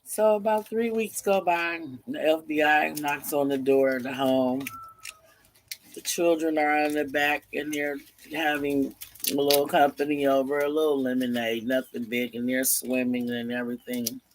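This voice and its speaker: A man's voice: on the high side, moderate pace, a little hiss or hum. A man casually telling a story, acting out the voices of the people in it. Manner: animated, acts out each character's lines.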